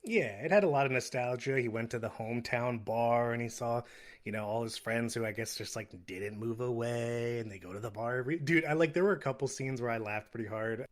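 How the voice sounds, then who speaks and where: Podcast co-host, a man with a middle-pitched voice, relaxed and rambling, laughs while retelling scenes. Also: a little fast. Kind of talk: casual film review chat.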